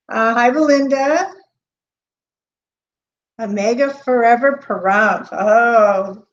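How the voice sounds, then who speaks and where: A woman hosting a live stream as a medium. She talks off the cuff with many pauses and fillers, and greets chat viewers by name. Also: sits high. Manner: hesitant, with frequent pauses and fillers. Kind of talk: unscripted live-stream talk. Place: indoor room. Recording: dull lo-fi webcam audio.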